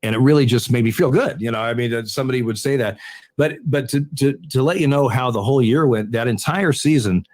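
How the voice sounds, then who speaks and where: An older man, a retired umpire, tells stories in an interview, halting and repeating words, with frequent chuckles. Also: mid-range voice, darkish tone, dry recording. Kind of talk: conversational interview storytelling.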